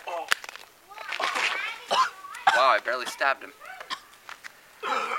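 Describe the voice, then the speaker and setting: A man's voice: medium pitch, huge pitch swings, slow pace, creaky. A man acting out a goofy improvised skit, joking and barely keeping a straight face. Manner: jokey, breaks into laughter. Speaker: amateur comedy sketch performer. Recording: noisy, from a distance.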